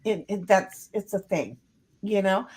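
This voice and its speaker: A woman's voice: medium pitch, lively intonation, measured pace, a little mellow, husky. A woman hosting a casual livestream from home, reading viewer comments aloud and rambling as she stumbles over repeated words. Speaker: livestream host.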